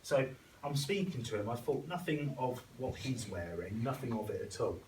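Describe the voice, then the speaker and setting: A man's voice: medium pitch, animated, moderate pace, a little mellow, slight background noise. A young man gives a chatty, self-deprecating speech to an audience, acting out what other people said. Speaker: guest speaker. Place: school hall. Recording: echoey hall, picked up from a distance.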